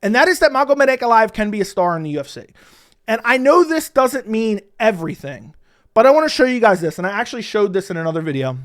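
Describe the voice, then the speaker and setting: Ranting high-voiced man. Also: big pitch swings, fast talker, a bit bright. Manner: heated, ranting, mocks others in whiny voices. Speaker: MMA commentator. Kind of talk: opinionated solo commentary.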